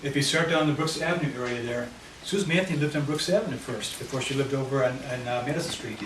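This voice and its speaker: A fast-talking man of medium pitch is presenting to a committee, going over a handout map of his neighborhood with the listeners. The meeting room audio is noisy and echoes, since the mic is positioned far off.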